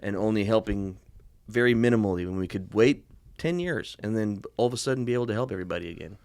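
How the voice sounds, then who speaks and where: A man's voice: lowish voice, quick pace, darkish tone, no room sound. A man co-hosting a casual podcast who jokes crudely and cuts in with quips. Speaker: podcast co-host.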